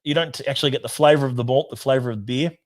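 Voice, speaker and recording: A man's voice: medium pitch, fairly even intonation, racing. Chatty man hosting a whisky livestream. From Australia. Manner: chatty, rambling, reads out viewer comments, laughs easily. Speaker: whisky society host. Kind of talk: casual livestream chat.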